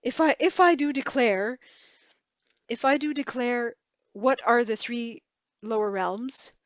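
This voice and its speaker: A woman's voice: fairly high pitch, slow, dry recording, lo-fi sound, pitched above the performer's own voice. A woman voicing a genteel Southern belle with a Southern US accent, declaring grandly and theatrically.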